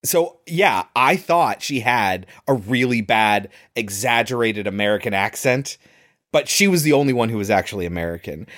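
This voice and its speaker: A man's voice: mid-range voice, moderate pace. Man chatting casually about a horror movie. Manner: animated, swears freely, quotes lines. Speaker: podcast co-host. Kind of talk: casual movie review chat.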